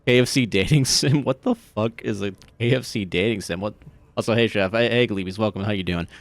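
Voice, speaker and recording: A man's voice: fairly low pitch, brisk, no room sound. A man livestreaming a game, joking, swearing and laughing as he reacts. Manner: joking, profane, laughs often. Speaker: streamer. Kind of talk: casual game livestream commentary.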